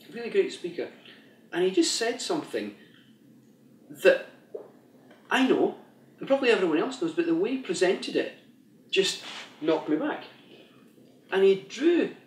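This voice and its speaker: A man, an author and speaker, recounting a talk in an animated, storytelling manner. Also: a little high, slight background noise. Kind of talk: interview answer. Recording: roomy echo, mic at a distance.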